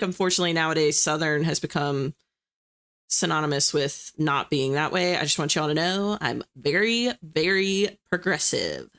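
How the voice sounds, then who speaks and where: East coast girl rambling to her stream chat, kinda low voice but swings all over. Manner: chatty, animated, self-deprecating. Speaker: livestream host. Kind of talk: casual chat reading viewer comments.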